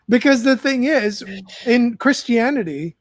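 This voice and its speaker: A man hosting a casual conversation about films, speaking in a measured, reflective way and often searching for words. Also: very high voice, no echo, clean studio sound. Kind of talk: casual film chat.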